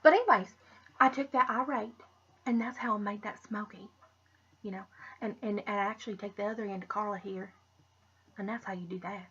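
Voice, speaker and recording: A woman talks through a casual makeup tutorial in a bright, husky voice, rambling and often restarting her thoughts. She drifts into muttered asides to herself. The recording is dull and lo-fi. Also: mid-range voice, brisk, long pauses. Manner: rambling, restarts with "but anyways". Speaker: makeup vlogger.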